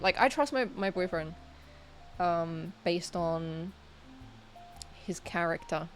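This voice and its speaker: A woman's voice: on the low side, lively intonation, slow pace, faint music behind. A woman streaming and chatting casually with her viewers. She rambles and hesitates, with lots of fillers and restarts. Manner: talks to chat viewers. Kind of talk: casual livestream chat.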